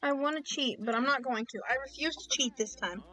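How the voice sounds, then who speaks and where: A woman streaming video games in casual commentary, playfully cooing at in-game animals in a high baby voice. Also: brisk, sharp tone.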